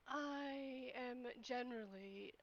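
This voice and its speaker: A woman playing a courteous, formal gentleman guest in a tabletop role-play game. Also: high voice, takes it slowly, highs cut off. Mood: polite.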